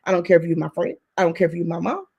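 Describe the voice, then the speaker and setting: A woman in her twenties co-hosting a couples podcast, telling her side in an emphatic, animated casual chat. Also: on the low side, rapid-fire, vocal fry, breathy edge, lo-fi sound. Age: 20s. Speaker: podcast co-host.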